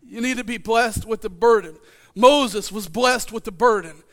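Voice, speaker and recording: Pastor, male, high gravelly voice, passionate sermon that climbs to shouts. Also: moderate pace. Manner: preaching, building to shouted fervor. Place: church.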